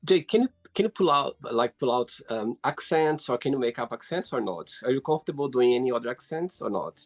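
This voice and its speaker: Gravelly husky host. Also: male voice, mid-range voice, lively intonation, a little fast, faint music behind. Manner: chatty, repeats himself, non-native phrasing. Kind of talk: interview questions. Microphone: video call.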